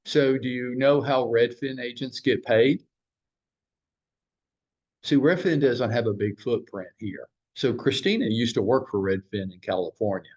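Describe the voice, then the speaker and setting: A man at a mid pitch leads a training huddle for real estate agents. He tells blunt stories with a bit of swearing and keeps throwing questions at the room. The recording sounds dull and lo-fi. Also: a little slow, a little mellow. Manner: storytelling, blunt, mild swearing; fires rhetorical questions at the room.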